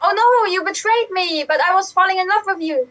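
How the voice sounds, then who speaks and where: Woman doing naive young hero, very high, bright, whiny. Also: brisk, poor audio. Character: Hercules, weak naive young male hero. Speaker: improv performer.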